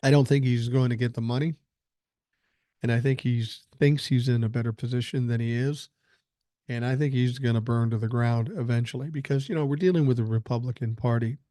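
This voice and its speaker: A man's voice: mid-range voice, fairly even intonation, brisk, mellow, no echo, clean studio sound. An older man hosting a podcast, reading listener emails aloud and answering them bluntly with plenty of swearing, still getting over a cold. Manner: blunt, profane, opinionated. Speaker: podcast host.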